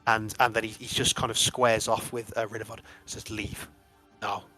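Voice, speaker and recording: A man's voice: lowish voice, level tone, fairly quick, bright, forceful tone. A man narrating a tabletop game as game master, rambling with many restarts. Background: faint music.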